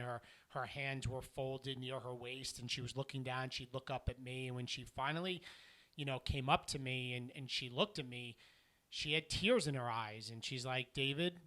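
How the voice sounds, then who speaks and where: Earnest bright-voiced middle-aged man. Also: medium pitch. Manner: earnest and emphatic, drops softer when telling stories. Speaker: motivational keynote speaker. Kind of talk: motivational podcast monologue.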